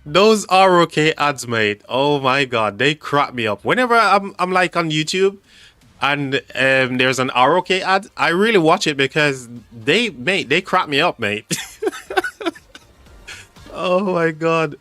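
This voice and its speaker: A man's voice: on the high side, expressive, a little slow, sharp tone, dry recording. A man hosting a casual livestream, reading chat aloud and laughing often. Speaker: livestream host.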